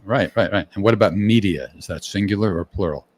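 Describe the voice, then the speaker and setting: A man's voice: deep voice, a little fast. A man hosting a podcast, chatting in an easygoing way and dropping wry asides. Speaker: host. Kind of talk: casual podcast chat.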